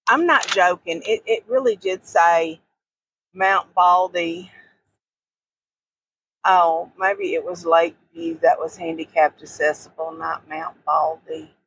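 A woman's voice: on the low side, slow pace, fairly bright tone, lo-fi sound, a little hiss or hum. A middle-aged woman, chatting casually as a podcast co-host while outdoors at sand dunes. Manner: chatty, homespun drawl. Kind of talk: casual travel chat.

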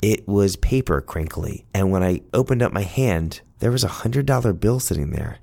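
A man's voice: sits low, lively intonation, normal speed, creaky, warm tone. A man telling a personal story in an earnest, heartfelt, conversational way.

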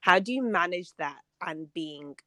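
London woman guest on a podcast, kinda low voice, lots of "like" and "um", dry close sound. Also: animated, measured pace, sharp tone, no room sound. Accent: London English. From England. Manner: reflective, frequent "like" and "um". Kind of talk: casual podcast chat.

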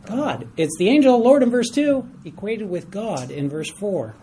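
A teacher leading a Bible study class, asking group members to read verses and explaining them in an animated way. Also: mid-range voice, normal speed, a little hiss or hum, low-quality recording. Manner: animated, asks the class for readers, chuckles at stories. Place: room with a class.

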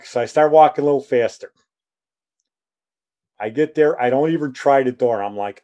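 A man's voice: medium pitch, fairly quick, mellow. A man in his sixties telling a rambling personal story, acting out the dialogue as he goes.

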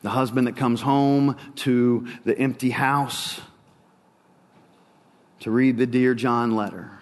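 A man preaching a sermon with a slow, dramatic delivery and long pauses. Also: mid-range voice, steady tone, big-room sound.

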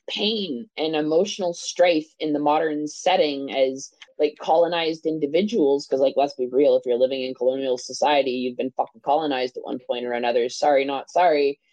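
A woman's voice: low-pitched, moderate pace, darkish tone, no room sound, rough recording. A woman co-hosting a podcast, talking passionately in casual discussion, swearing freely and often checking in with "right?". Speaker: podcast co-host.

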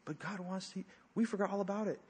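A pastor preaching a sermon in a church, telling stories in a conversational way with fillers and sometimes dropping to a hushed voice. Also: male voice, high voice, quick pace, slightly rough. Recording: long reverb of a large hall.

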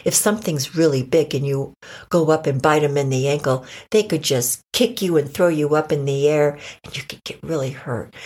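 A woman voicing a wise, kind little female chihuahua, speaking calmly and earnestly. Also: extremely low pitch, breathy edge, exaggerated voice.

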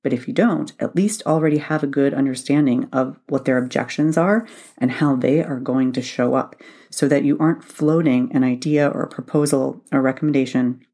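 A woman's voice: very deep voice, fairly even intonation, normal speed, warm tone. Woman hosting a methodical advice podcast. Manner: instructive, methodical, repeats points for emphasis. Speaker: podcast host, leadership coach.

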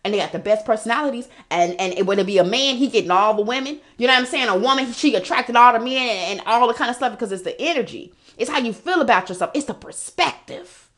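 Fired-up woman podcast host, higher voice. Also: fast talker, few pauses. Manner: animated, profane, repetitive pep talk. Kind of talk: motivational talk.

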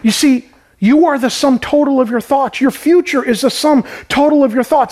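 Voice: sits high, normal speed, a little mellow. A pastor preaching a sermon with urgency, repeating key lines and calling on the listeners to respond.

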